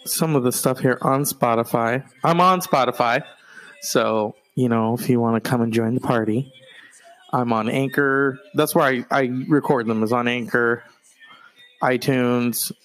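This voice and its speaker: A man's voice: mid-range voice, steady tone, a little slow, pauses often, faint music behind. A man hosting his own solo podcast, talking casually with profane, rambling, sarcastic asides. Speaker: podcast host. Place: home in the countryside.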